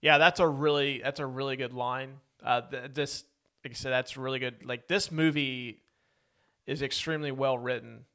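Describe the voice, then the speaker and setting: In a medium-pitched, slightly bright voice with fairly even intonation, this co-host speaks at a moderate pace. He's talking casually about a movie on a podcast, chatty and given to tangents.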